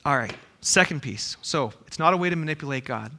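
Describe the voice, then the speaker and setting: Brief: male pastor with a high voice, preaching and asking rhetorical questions. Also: animated, a little fast, gravelly, pushed and bright, a little hiss or hum. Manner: reads scripture, then explains with rhetorical questions. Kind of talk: sermon.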